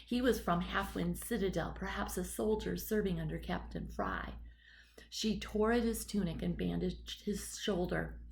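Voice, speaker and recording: A woman narrating an audiobook story in a steady, measured storytelling voice. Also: on the low side, gravelly, slight background noise, poor audio. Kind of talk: scripted narration.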